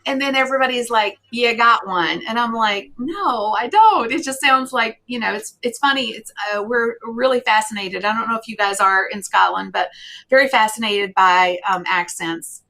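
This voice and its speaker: A woman's voice: a little high, steady tone, normal speed, bright, forceful tone. A woman from the United States hosting a live online show, chatty, with many fillers and restarts. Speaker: host. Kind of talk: live-stream chat.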